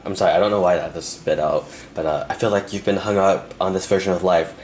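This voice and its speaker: A young man doing a pick-a-card tarot reading, talking softly and earnestly to the viewer with pauses, and emotional at times. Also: deep voice, fairly even intonation, a little hiss or hum. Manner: soft, earnest, speaks directly to the viewer with pauses. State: emotional, close to tears. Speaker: tarot reader.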